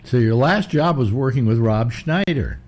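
A man's voice: mid-range voice, lively intonation, normal speed, a little mellow. An older man hosting a casual chat, rambling through stories with many restarts. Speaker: host.

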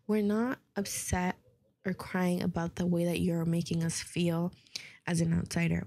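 Woman host giving advice, earnest, swears a bit, low warm voice. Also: level tone, moderate pace, vocal fry. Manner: earnest and heartfelt, swears casually. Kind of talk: casual advice chat.

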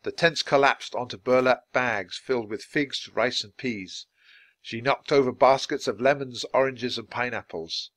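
A man reading a children's chapter book aloud in a clear, measured, lively way. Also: medium pitch. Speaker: storybook reader.

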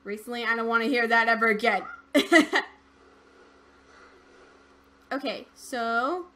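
A young woman giving casual let's-play commentary, excitable and easily scared, with squeals and laughs. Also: fairly high pitch, normal speed.

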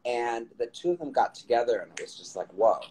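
Speaking fast in a husky mid-range voice, this man is very animated as he hosts a casual phone live stream. He's the writer and host, and his warm stories ramble along with many restarts. Audio quality is rough.

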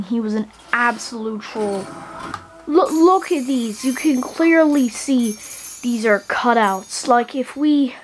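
A woman hosting a gaming channel, giving gameplay commentary in a halting, earnest way and often repeating words as she complains. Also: on the high side, slight background noise.

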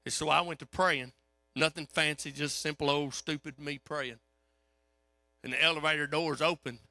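Folksy high-voiced preacher. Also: male voice, moderate pace, no echo. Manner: folksy, animated storytelling. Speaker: pastor. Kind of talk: storytelling sermon.

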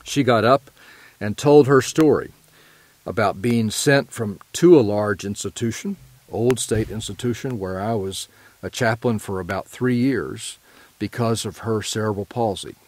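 Low-voiced man giving an earnest lecture. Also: darkish tone. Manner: earnest and measured, with occasional self-corrections. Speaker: presenter. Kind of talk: prepared lecture.

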